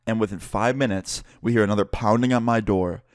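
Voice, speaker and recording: Young man, low-voiced casual storyteller. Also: brisk, no echo, studio quality. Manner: casual, profane, animated storytelling. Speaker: vlogger and musician. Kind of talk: storytime vlog narration.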